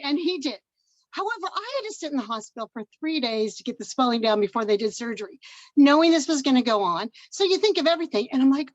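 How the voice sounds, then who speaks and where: High-voiced older woman, emphatic testimony. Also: animated, quick pace, no echo, highs cut off. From Washington State. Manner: emotional, upbeat and emphatic. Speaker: guest presenter. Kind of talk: personal testimony on a business call. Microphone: video call.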